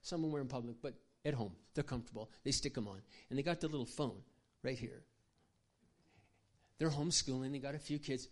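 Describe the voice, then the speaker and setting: A man with a mid-range voice speaks to a room of mothers in a folksy, joking manner. He acts out everyday scenes as he goes and keeps clearing his throat between thoughts. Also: mid-range voice, quick pace, a bit bright. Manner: folksy, humorous storytelling with acted-out demonstrations. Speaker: Christian parenting speaker. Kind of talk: live talk to an audience of mothers.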